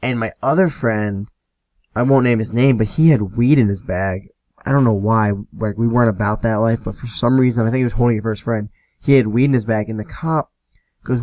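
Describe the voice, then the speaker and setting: A young man in casual solo storytelling on his podcast, swearing freely and quoting friends and a cop with lively jumps in his voice. His pitch sits in the middle for a man. The recording is close and dry, with no room sound. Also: normal speed, dry recording. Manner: profane, animated, tosses in quoted voices. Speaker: podcast host.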